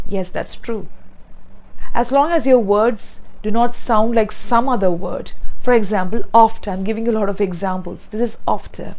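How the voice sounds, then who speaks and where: A woman teaching pronunciation, speaking slowly and deliberately and repeating words to demonstrate sounds. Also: mid-range voice, darkish tone, rough recording. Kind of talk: pronunciation lesson.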